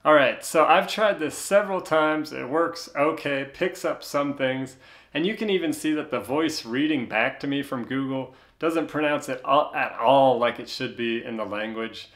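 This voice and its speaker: A man with an American accent hosting a tech tutorial, explaining casually and talking straight to viewers. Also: mid-range voice. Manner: relaxed, chatty, talks straight to viewers.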